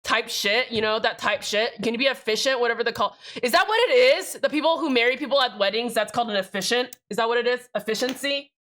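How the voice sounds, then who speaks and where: A young woman livestreaming, talking straight to her chat in a loose, rambling way, swearing often as she works on a keyboard build. Her voice is bright and sits a little high for a woman. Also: quick pace, few pauses. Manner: chatty, rambling, swears freely, addresses chat directly. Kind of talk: casual stream chat while building a keyboard.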